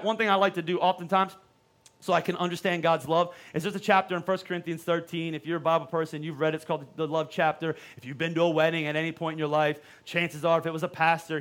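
A man's voice: on the high side, fairly bright tone. A man in his thirties preaching a sermon as a pastor, talking in a conversational way full of repetitions and restarts. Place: church.

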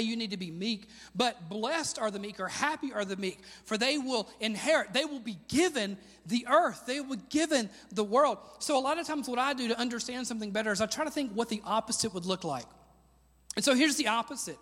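A man preaching a sermon as pastor, animated, rising to shouts on key lines and asking the congregation to repeat words after him. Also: high-pitched, in a large hall.

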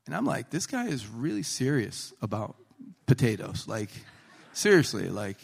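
Man preaching, humorous storytelling sermon, animated, jokey, mid pitch. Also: brisk, gravelly, husky. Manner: animated, jokey, acts out quotes.

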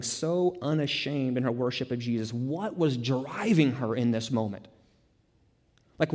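A man's voice: mid-range voice, a little mellow. A man preaching a sermon, emphatic, piling up repeated words and rising into bursts. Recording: long hall reverb.

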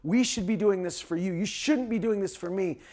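Higher-pitched male pastor, casual chatty sermon delivery with lots of "you know" and restarts. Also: moderate pace, darkish tone. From Canada. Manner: conversational, with frequent fillers and repetitions.

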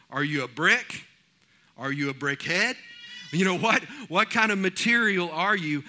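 A man preaching from the pulpit. His voice is high and very bright, with a ringing edge. He tells homespun stories in a folksy, animated way. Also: normal speed. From East Texas. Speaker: pastor. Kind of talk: sermon.

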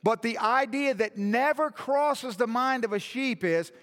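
A man's voice: very high voice, unhurried, fairly bright tone. A male pastor preaching a sermon in a church hall, emphatic and full of rhetorical questions, with long hall reverb.

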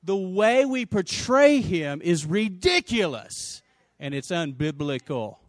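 A man preaching a lively, humorous sermon, talking conversationally with his congregation and acting out scenes in put-on voices. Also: high-pitched, takes it slowly, no echo.

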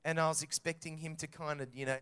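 A man in his thirties with an Australian accent, preaching a sermon and telling stories with lively acted-out quotes. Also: a little high, fast talker, smooth. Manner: animated storytelling with acted-out quotes. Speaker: pastor.

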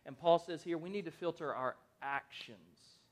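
Male pastor, thirties, high-pitched, casual and conversational sermon style. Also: normal speed. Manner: conversational and animated, asks the congregation questions.

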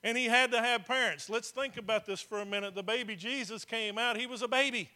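A man's voice: extremely high pitch, fairly quick, bright, forceful tone. A man preaching a sermon as pastor, talking to the congregation in a conversational way, asking them questions and repeating phrases for emphasis.

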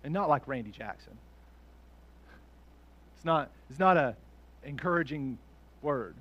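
A man preaching a sermon as a pastor, animated, often laughing and acting out voices, swinging from hushed asides to loud peaks. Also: mid-range voice, unhurried, lo-fi sound.

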